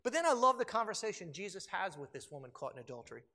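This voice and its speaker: High-voiced preacher with dynamic delivery. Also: male voice, big pitch swings, quick pace, vocal fry. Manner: dynamic preaching, swings from loud to hushed. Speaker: pastor. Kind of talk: sermon.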